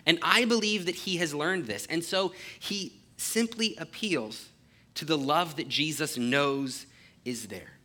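A man with a bright, forceful voice, pitched a little above most men, preaches an earnest sermon. He reads scripture aloud, then explains it, leaning on key phrases and slowing down to stress them.

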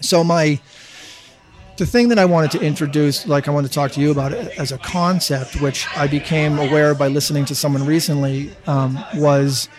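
A man in his fifties chatting casually, halting with restarts and swearing freely. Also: on the high side, steady tone, soft background music. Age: 50s. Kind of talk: casual chat.

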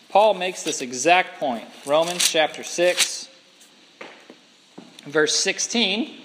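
Male pastor, emphatic sermon delivery, animated pitch, reverberant hall. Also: slow, a little hiss or hum. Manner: emphatic, asks the congregation questions.

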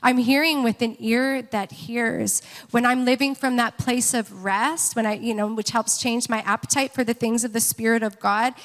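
Lady preaching at church, kinda high voice, big echoey hall, keeps saying amen. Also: fairly even intonation, moderate pace, hardly any pauses, a bit bright. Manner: earnest, rallying congregation with amens. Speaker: worship leader and co-pastor. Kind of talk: sermon. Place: church sanctuary.

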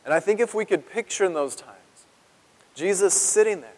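A man preaching a sermon as pastor, earnest and emotional, with dramatic pauses and drops to a hush on key words. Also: sits high, lively intonation. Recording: long reverb of a large hall.

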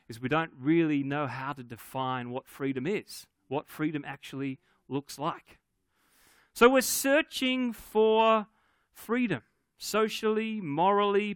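Earnest, emphatic male preacher, crisp voice. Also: on the high side, a bit bright, dry recording, studio quality. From Scottish ancestry on father's side. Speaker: pastor. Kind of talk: sermon.

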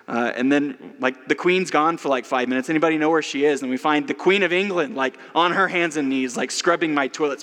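A man in the middle of his vocal range preaches a sermon, talking to his congregation conversationally and leaning on "like" as he builds homely examples. His voice carries a long reverb, as if from a church sanctuary. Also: medium pitch. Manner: conversational, frequent "like", lively illustrations. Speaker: pastor.

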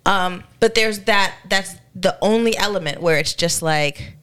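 A woman's voice: medium pitch, measured pace, a bit bright, smooth. Candid, chatty woman podcaster. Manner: candid, chatty, fond of fillers. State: congested. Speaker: podcast co-host. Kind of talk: casual chat.

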